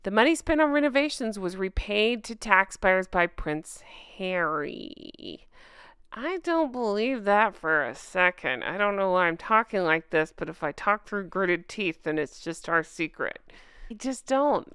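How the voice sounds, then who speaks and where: Sarcastic woman vlogger, lively voice. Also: medium pitch, clear, resonant tone, no room sound, clean studio sound. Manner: sarcastic, laughs often, mocking asides. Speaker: commentary vlogger. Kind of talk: sarcastic casual commentary.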